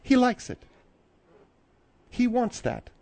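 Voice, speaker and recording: A bossy, domineering woman who talks slowly and primly and snaps orders at her partner, as a man puts her on. The comic radio bit holds her commanding tone throughout. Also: very high-pitched, big pitch swings, gravelly, dark tone, pitched above the performer's own voice, full character voice. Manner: commanding, slow and prim, snapping orders. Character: bossy domineering middle-aged woman caller, scolding. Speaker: radio show guest. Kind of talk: comedic radio character acting.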